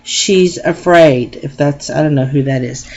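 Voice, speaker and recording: A woman Spanish teacher, explaining a lesson slowly and patiently and repeating each phrase. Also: low voice, darkish tone, muffled recording. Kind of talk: recorded classroom lesson.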